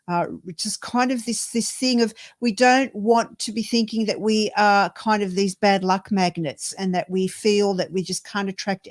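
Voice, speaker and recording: An Australian woman talks through a live tarot reading in a loose, rambling way, padding her speech with ums and calling viewers her darling. Her voice sits in a middle pitch and sounds dry and close. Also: darkish tone, no echo. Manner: chatty and rambling, full of fillers, calls viewers darling and sweetheart. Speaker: tarot reader, co-host.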